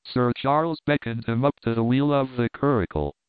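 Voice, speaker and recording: A man reading a classic novel aloud with measured, even storytelling. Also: mid-range voice, clear, resonant tone, no room sound. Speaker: audiobook reader. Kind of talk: scripted narration of a classic novel. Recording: tinny narrow-band, dry.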